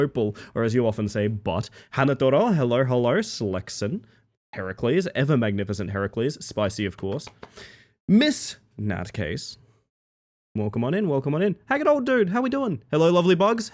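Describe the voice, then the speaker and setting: A man chatting casually with his live-stream chat, rambling playfully and greeting viewers by name. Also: mid-range voice.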